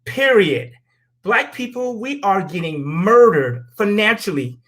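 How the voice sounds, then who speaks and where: With a high, expressive, slightly bright voice, this American host speaks unhurriedly as he rants. The monologue is blunt and full of swearing, mixing his heated opinions with stories where he acts out what people said.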